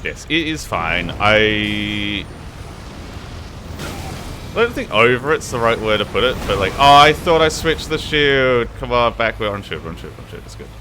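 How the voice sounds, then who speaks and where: This is casual gaming stream talk from a young man with a medium-pitched, very animated voice and a moderate pace, with noise in the background. Though he sounds tired, he keeps rambling, swearing often and chatting with his viewers on the side.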